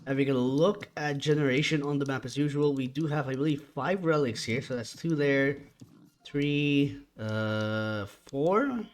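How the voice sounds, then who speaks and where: A tired man doing chatty solo commentary on a strategy game match, relaxed and casual. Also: medium pitch, a little slow. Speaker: esports caster.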